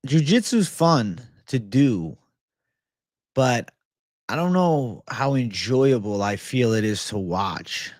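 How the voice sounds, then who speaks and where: A man's voice: mid-range voice, lively intonation, takes it slowly, dry recording, clean studio sound. A man hosting a casual livestream and answering viewer comments in a blunt, laid-back, profane way. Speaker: livestream host.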